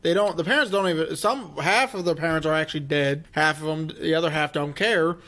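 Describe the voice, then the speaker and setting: Brief: male film-review co-host, higher register, laid-back plot explainer. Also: a little fast, sharp tone. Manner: explanatory, recapping plot with fillers. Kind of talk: casual movie discussion.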